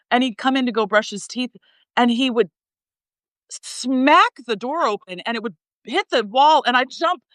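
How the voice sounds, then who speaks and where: A middle-aged woman in casual livestream chat, talking loudly and passionately, rambling with many fillers and restarts. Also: on the high side, no room sound, poor audio. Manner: loud, passionate talker. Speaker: flight attendant sharing her story.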